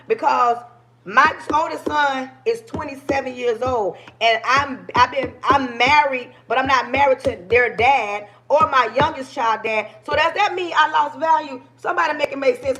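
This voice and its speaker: Woman in her forties, high-pitched voice, passionate livestream talk, preachy, straight into a phone. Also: a bit bright. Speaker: livestream host.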